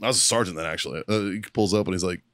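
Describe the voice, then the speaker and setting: A man in his thirties, a former Marine, telling a profane, animated story in casual podcast chat. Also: sits low, racing, no room sound, studio quality. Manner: profane, animated storyteller who acts out quotes. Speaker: podcast co-host, former Marine staff sergeant.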